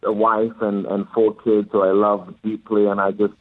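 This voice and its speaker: English man, low voice, reflective radio interview guest, muffled lo-fi sound. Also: flat delivery, no room sound. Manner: measured, reflective, stammers on restarts. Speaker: actor guest.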